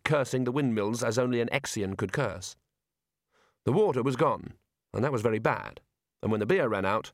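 A man narrating an audiobook in a wry, expressive storytelling manner. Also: mid-range voice, no room sound, clean studio sound. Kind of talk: scripted narration.

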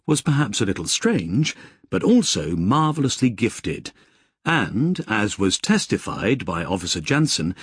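A man with a low, husky voice narrates a novel. His pitch moves a lot as he tells the story, and the recording is dry, with no room sound. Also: no room sound. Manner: expressive storytelling. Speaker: audiobook narrator. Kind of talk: scripted narration.

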